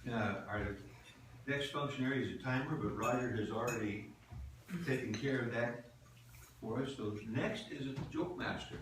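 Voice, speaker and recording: A jovial older man chairs a club meeting, laughing often as he introduces people. He sounds far from the mic in an echoey room, with dishes and cutlery clattering loudly behind. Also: mid-range voice, normal speed, noisy background. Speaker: meeting host, toastmaster.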